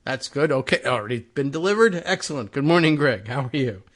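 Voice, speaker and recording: A man hosting a talk show, musing in a wry, sarcastic way with frequent pauses and fillers. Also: mid-range voice, expressive. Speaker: podcast host. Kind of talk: casual political talk.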